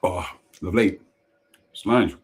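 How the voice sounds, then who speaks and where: A man's voice: sits low, takes it slowly. A man reads short ghost stories aloud on a casual live stream. He breaks off now and then for dry, jokey asides. He trips over a word now and then and simply goes back to it. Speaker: host reading ghost stories.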